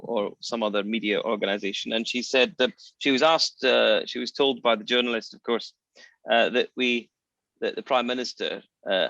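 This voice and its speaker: Bright-voiced opinionated man on a podcast. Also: medium pitch, creaky, dry recording, dull audio. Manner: opinionated, hesitant with many fillers. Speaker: co-host. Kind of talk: casual podcast chat.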